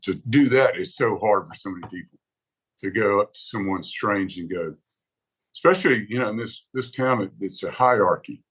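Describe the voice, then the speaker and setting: A man talks in a relaxed interview, his voice low and husky. He tells his stories with animated quoted reactions. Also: rough recording. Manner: animated storyteller who acts out quoted reactions. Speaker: podcast guest, songwriter advocate. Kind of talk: casual interview conversation.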